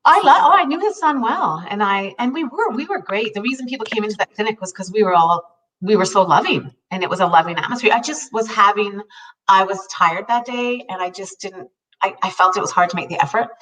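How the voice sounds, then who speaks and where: An animated middle-aged woman co-hosts a talk show, relating a personal story sincerely and warmly with plenty of restarts. Her medium-pitched, fairly bright voice moves fairly quickly and is a bit distant from the mic.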